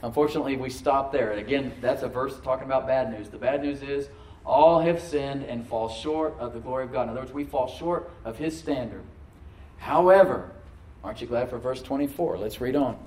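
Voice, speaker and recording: A man preaching a sermon, swinging between loud, emphatic surges and quiet, confiding asides, and calling on the congregation to answer back. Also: mid-range voice, a little fast, echoey room, distant mic, a little hiss or hum, low-quality recording. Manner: calls for responses from the congregation. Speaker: pastor.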